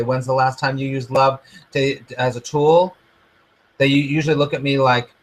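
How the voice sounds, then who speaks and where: Husky male spiritual coach, earnest and repetitive, soft near-whisper drops, mid pitch. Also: poor audio. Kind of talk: motivational teaching to camera.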